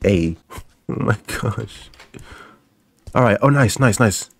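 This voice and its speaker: Young guy yelling through a scary game, cusses a lot, says the same thing like ten times, kinda low voice. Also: animated, slow pace, gravelly, husky. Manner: jumpy, swearing, repeats phrases over and over. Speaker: gaming YouTuber. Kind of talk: let's play commentary.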